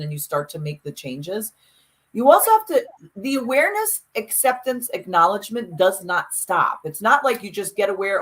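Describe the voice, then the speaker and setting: A woman's voice: medium pitch, big pitch swings, moderate pace. A woman co-hosting a podcast, talking in a hesitant way and restarting her thoughts as she goes. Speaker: podcast co-host. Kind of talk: casual podcast chat.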